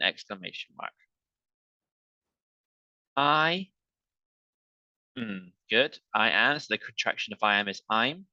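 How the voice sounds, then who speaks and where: Male english teacher, slow patient delivery, bright lowish voice, dry muffled sound. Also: expressive, no room sound. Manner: slow, patient, repeats with "okay". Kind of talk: online ESL lesson.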